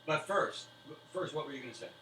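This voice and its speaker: A man's voice: medium pitch, lively intonation, quick pace. A man narrating as game master, rambling with fillers and restarts. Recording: roomy, distant mic with faint hiss.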